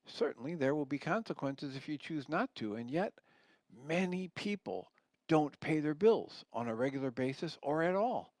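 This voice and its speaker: A man's voice: on the high side, animated, moderate pace, a little mellow, dry recording. A man giving a radio teaching talk, reading passages from a book and explaining them in an earnest, reflective way.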